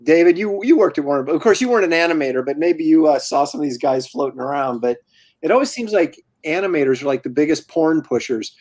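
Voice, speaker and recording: A man's voice: a little high, animated, fast talker, a little mellow. A man, a comic artist, telling wry, incredulous stories in casual chat on a group video call.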